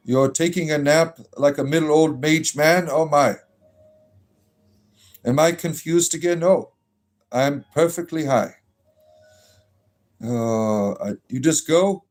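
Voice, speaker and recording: Male bard streamer, playful banter with chat, slightly high voice, soft music under. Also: slow, long pauses. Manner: joking, reacts to chat messages, blesses viewers. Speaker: livestream host reading chat. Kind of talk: casual livestream chat.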